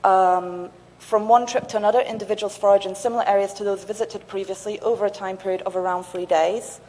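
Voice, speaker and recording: A woman's voice: mid-range voice, fairly even intonation, fairly quick, a little mellow. A woman finishes her research talk and then answers a question thoughtfully, weighing her words. Her voice sits in the middle range for a woman. The hall gives a long reverb, with a faint hum of room noise underneath. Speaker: conference speaker. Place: lecture hall.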